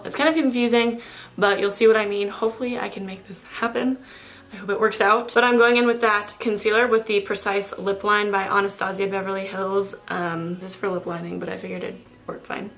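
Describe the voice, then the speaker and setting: A young woman with a cold, her voice raspy and nasal, talking through a makeup tutorial in a chatty, self-correcting way. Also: mid-range voice, fairly bright tone. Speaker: makeup vlogger.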